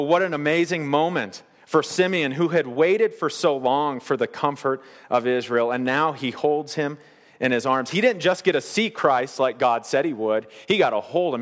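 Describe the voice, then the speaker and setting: A man preaching a sermon as pastor, earnest, slowing down on the key phrases. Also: mid-range voice, big-room sound.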